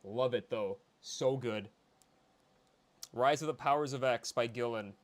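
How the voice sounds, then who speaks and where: A man as a guest in a casual chat, relaxed and joking with quick asides. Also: mid-range voice.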